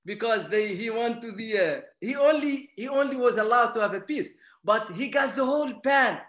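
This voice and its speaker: A man with a non-native English accent, telling a personal story in a halting way full of restarts. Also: very high-pitched, expressive, fairly bright tone, reverberant. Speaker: guest.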